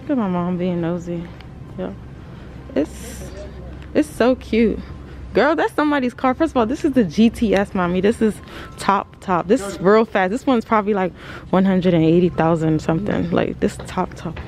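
A young woman vlogging to a phone camera in a casual, animated way, talking straight to her viewers. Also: mid-range voice, normal speed, slight background noise. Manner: chatty, animated, lots of "like" and "y'all". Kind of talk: casual vlog chat to camera. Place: car then indoor car showroom.

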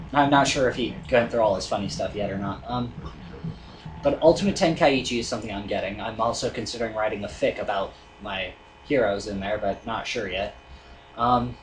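A man's voice: mid-range voice, slight background noise. A man hosting a let's play, commenting casually and rambling with fillers. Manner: chatty, rambling, hesitant with many fillers. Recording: echoey room with game music.

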